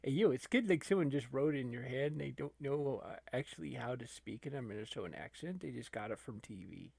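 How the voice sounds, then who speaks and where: An actor playing a laid-back, chatty gamer buddy who teases and repeats phrases in an easygoing way in a comedy gaming sketch. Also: male voice, mid-range voice, lively intonation, brisk, vocal fry, darkish tone, husky, dry recording. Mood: teasing.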